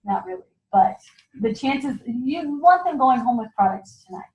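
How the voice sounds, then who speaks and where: A woman's voice: sits high, expressive. A woman giving a chatty sales training talk at a meeting, acting out what customers say. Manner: chatty, acts out customer lines in quick voices. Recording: echoey room, dull lo-fi sound.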